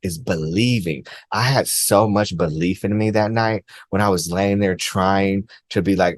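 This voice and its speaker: A man vlogger earnestly recounting a personal experience, halting and repeating himself with many likes and restarts. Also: deep voice, no room sound. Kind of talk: personal storytelling to camera.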